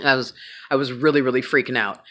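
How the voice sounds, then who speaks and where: A woman's voice: a bass voice, fairly even intonation, fast talker, a bit bright. A woman telling a personal story in a casual, candid way, swearing freely and joking at her own expense. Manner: candid, swears freely, self-mocking humor. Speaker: vlogger.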